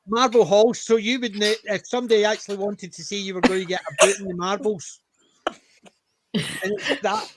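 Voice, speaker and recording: Brief: male panelist, high pitch, chatty explainer over a video call. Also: flat delivery, moderate pace, background noise. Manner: explanatory, chuckling. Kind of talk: casual podcast chat.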